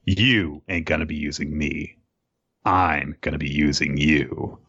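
A man voicing a calm, wry young male soldier in an offhand, dry way. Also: very deep voice, measured pace, husky, lo-fi sound, pitched below the performer's own voice, exaggerated voice.

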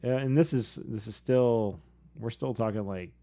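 A man's voice: medium pitch, creaky, mellow. A man co-hosting a podcast, talking casually, laughing easily and adding side remarks to his partner's stories. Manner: easygoing, quick to laugh, adds caveats. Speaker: podcast co-host, behavioral psychologist and coach. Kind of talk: casual conversational podcast talk.

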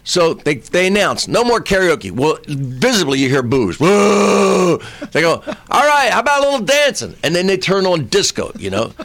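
A man who is a stand-up comedian, telling a story in casual chat, acting out the people in it and shouting some of their lines. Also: sits high, moderate pace, few pauses, no room sound. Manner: animated storyteller who acts out voices, shouting in bits.

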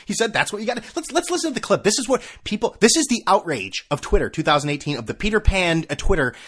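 A man's voice: high-pitched, big pitch swings, fast, fairly bright tone, breathy edge. A man in his thirties hosting a casual sports talk show, ranting with sarcasm and profanity.

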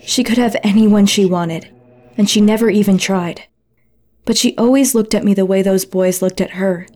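A woman narrating a story in first person, gentle and intimate. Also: medium pitch, fairly even intonation, normal speed.

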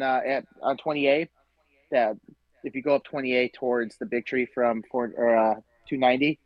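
A man's voice: mid-range voice, no echo, dull audio. A man from Western New York, ranting with lots of profanity as a guest in a casual podcast chat. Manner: profane, ranting, animated storytelling. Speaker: guest, tailgate group leader.

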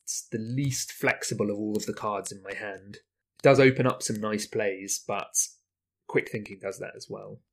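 A man's voice: on the low side, fairly even intonation, moderate pace, gravelly. A man playing a card game solo, talking through his choices and weighing options aloud as he plays. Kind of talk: thinking-aloud gameplay commentary.

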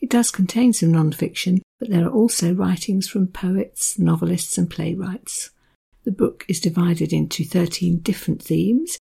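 A woman with a gravelly, husky voice presents a book and reads short passages from it. Her tone is dark and mellow. She explains things in a relaxed, conversational way. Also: on the low side, normal speed. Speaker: book reviewer. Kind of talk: book review with read extracts.

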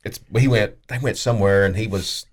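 A man's voice: lowish voice, a little fast. A man talking easily as a radio guest, rambling a little and laughing often. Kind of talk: casual chat.

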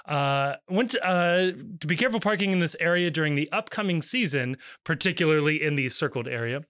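A man with a somewhat high voice co-hosts a casual podcast, reading comments aloud with amusement. The recording is dry and close, with no room sound. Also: lively intonation, fairly quick, a bit bright, clean tone, no room sound. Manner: amused, laughs often. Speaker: podcast co-host.

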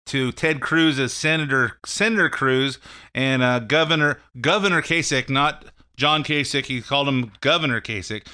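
A man's voice: medium pitch, sharp tone, clear, resonant tone. A man hosting a call-in radio show, talking off the cuff about politics in a rambling way, full of fillers and restarts. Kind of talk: casual political commentary.

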